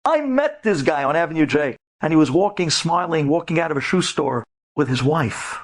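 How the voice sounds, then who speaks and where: A man, a rabbi, giving an inspirational storytelling lecture to women, dramatic and prone to loud, emphatic bursts. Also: fairly high pitch, lively intonation, moderate pace, hardly any pauses.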